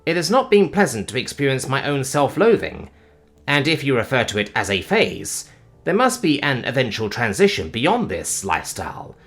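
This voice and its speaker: A man's voice: mid-range voice, sing-song, moderate pace, a bit bright, faint music behind. A man voicing a literal-minded, caring robot who speaks formally, with no contractions.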